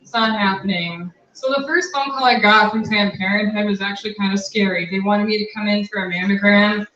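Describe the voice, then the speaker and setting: A woman's voice: mid-range voice, steady tone, fairly quick, bright, forceful tone. A woman in her twenties doing a crude, brash stand-up set on a bar stage. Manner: brash, crude, conversational punchlines. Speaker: stand-up comic. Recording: roomy, distant, dull, crowd laughter.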